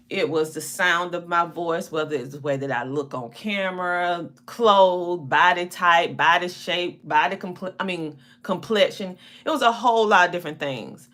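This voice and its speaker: A woman from South Carolina with a Southern accent, hosting a casual live stream and chatting lively with viewers. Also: fairly low pitch, measured pace.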